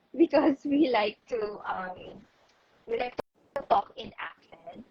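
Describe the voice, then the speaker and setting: Woman, Filipino accent, co-host, soft-spoken, husky, slow, hesitant, casual chat. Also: a little high, animated, lo-fi sound.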